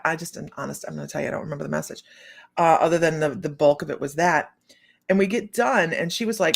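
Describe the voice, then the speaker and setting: Gravelly-voiced woman rambling on a livestream. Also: on the low side. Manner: rambling storyteller, many restarts and asides to viewers. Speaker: psychic medium hosting a morning livestream. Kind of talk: casual chat.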